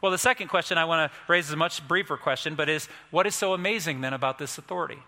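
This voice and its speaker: Emphatic preacher, bright voice, long reverb. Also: male voice, on the high side, fast talker. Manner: emphatic, storytelling, rises to forceful climaxes. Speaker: pastor. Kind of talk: sermon.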